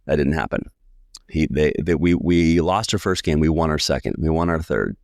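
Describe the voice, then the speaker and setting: A man in his forties from the United States, a sales coach telling a lively personal story in a podcast interview and acting out the voices of people he quotes. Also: a bass voice, moderate pace, creaky, dry recording, studio quality. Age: 40s.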